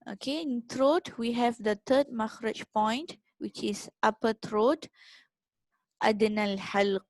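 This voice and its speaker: A woman teaching Quran recitation, patiently repeating each letter sound slowly for her learners. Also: mid-range voice, dry recording. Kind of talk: tajwid lesson, demonstrating letter sounds.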